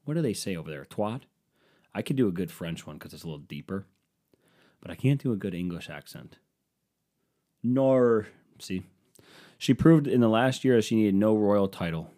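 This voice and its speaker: A man's voice: sits low, animated, a little fast, mellow. A man doing a rambling comic monologue, sarcastic and profane with mocking asides.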